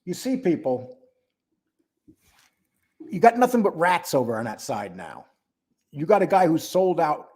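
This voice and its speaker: A man's voice: fairly high pitch, very animated, measured pace, pauses often, darkish tone, husky. An older man hosting a casual livestream, greeting viewers by name and talking bluntly and mockingly. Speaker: livestream host.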